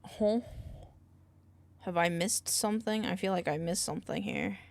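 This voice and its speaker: A woman's voice: mid-range voice, normal speed, gravelly. An American woman streaming and chatting playfully with viewers while she works. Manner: playful, reacting to chat with loud outbursts and laughs. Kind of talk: casual chat with viewers while working. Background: keyboard typing and clicking.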